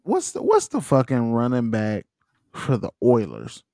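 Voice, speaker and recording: Podcast co-host, man, mid-pitched, dry close sound, joking trash talk. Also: wildly swooping pitch, measured pace, warm tone, no echo. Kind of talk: casual sports chat.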